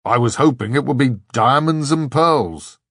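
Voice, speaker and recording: A man's voice: mid-range voice, measured pace, a bit bright, no echo, clean studio sound, pitched above the performer's own voice. A man voicing an earnest, hearty man who speaks emphatically.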